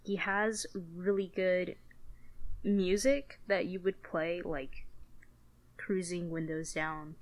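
Young woman, podcast co-host, low-ish voice, dry, soft-spoken. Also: fairly even intonation, takes it slowly. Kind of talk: casual podcast chat.

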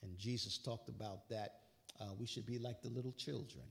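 A man's voice: lowish voice, steady tone, moderate pace, creaky. A man preaching a sermon, quoting scripture with rising, emphatic bursts and casual asides.

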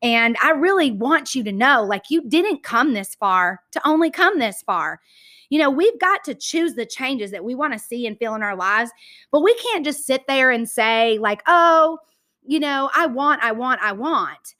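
A woman in her thirties shares her story on a podcast with a bright, forceful voice sitting a bit high. She talks earnestly and candidly, peppering her speech with "like" and "y'all". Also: expressive, normal speed. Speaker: podcast host. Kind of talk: personal story talk.

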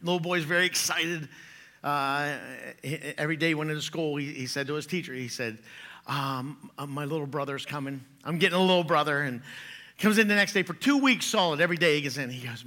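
Bright-voiced joking pastor, a man. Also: a little high, a little fast. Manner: joking and chatty, laughs at own jokes. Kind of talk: sermon with jokes.

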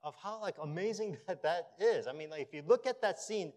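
A man preaches fairly quickly as his church's pastor, animated throughout. His delivery rises to emphatic peaks and dips into a low storytelling register.

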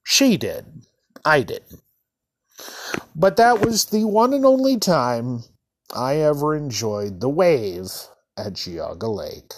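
A man hosting his own podcast, telling self-deprecating comic stories in an animated, drawn-out way. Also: mid-range voice. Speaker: podcast host. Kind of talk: comedic storytelling.

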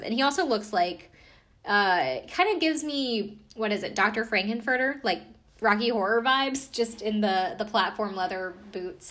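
A woman's voice: mid-range voice, fairly bright tone. A woman casually recapping a reality TV episode, chatty and profane, with lots of fillers and asides. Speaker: podcast recapper.

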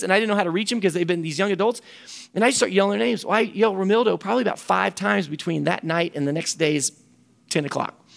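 Earnest preacher guy telling a story, kinda high voice with lots of gravel, repeats himself. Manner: animated and earnest, repeats words. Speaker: ministry director and speaker. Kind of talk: storytelling sermon talk.

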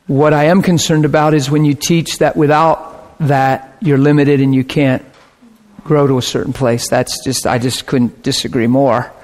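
A man preaching a sermon in an earnest way, building to excited, emphatic peaks. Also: mid-range voice, normal speed, in a large hall. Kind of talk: sermon teaching.

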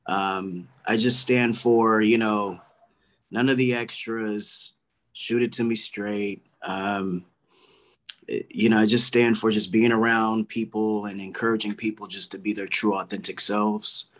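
Man from Los Angeles, guest; relaxed, halting delivery. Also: on the low side. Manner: relaxed, hesitant, many "um"s and repeats. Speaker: podcast guest. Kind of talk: casual video-call interview.

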